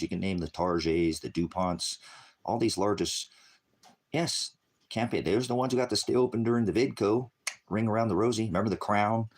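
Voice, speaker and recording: Man, very low voice, rambling home monologue, drifting from point to point. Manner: meandering, jumps between topics. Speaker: religious livestreamer. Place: at home with a puppy.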